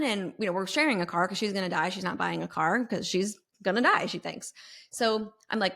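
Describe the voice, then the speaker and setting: Animated female storyteller. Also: mid-range voice, brisk. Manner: animated, expressive, sings sound effects. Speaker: podcast guest, intuitive mentor. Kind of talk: storytelling in an interview.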